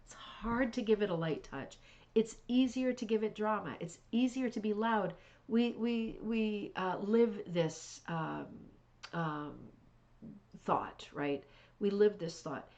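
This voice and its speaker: A woman's voice: mid-range voice, takes it slowly, a little mellow, muffled recording. A middle-aged woman hosting a craft club livestream, chatting casually and gushing with praise, with many fillers and restarts. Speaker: host of a rug hooking club livestream.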